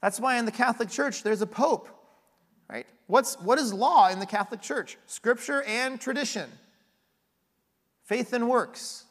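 A man preaching a conversational sermon, earnest and explanatory, asking rhetorical questions and going hoarse as he loses his voice. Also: extremely high pitch, a little slow, fairly bright tone. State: losing his voice. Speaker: pastoral candidate preaching. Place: church sanctuary. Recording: long reverb of a large hall.

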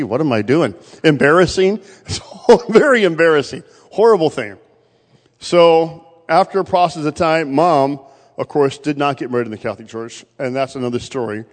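A man preaching a sermon, telling a family story and quoting his relatives along the way. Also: on the high side. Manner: storytelling, quotes family members in his own voice. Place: church. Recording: long reverb of a church hall.

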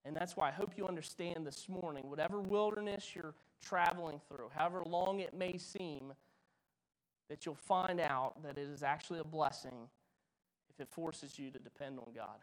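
Pastor, male, sermon delivery: slightly high voice, drops to near-whispers for effect. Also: normal speed, rough recording. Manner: dramatic swings from loud to hushed.

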